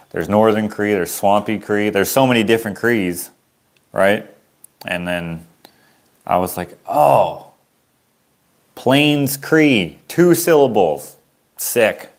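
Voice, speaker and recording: Man, from Canada, low voice, easygoing, rambling livestream chat, artist selling prints. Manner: rambling, easygoing, chuckles at himself.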